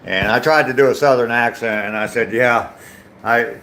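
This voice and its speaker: An older man from Ohio runs a daily live stream while walking outdoors, welcoming viewers by name and answering them casually, with lots of "um." He speaks at a moderate pace in a mid-range voice with a bright, forceful tone, and there's slight background noise.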